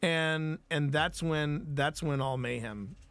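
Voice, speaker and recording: A man's voice: fairly high pitch, takes it slowly, fairly bright tone. A man hosting a live stream, chatting casually and rambling with his viewers. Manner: rambling, self-interrupting, playful banter with chat.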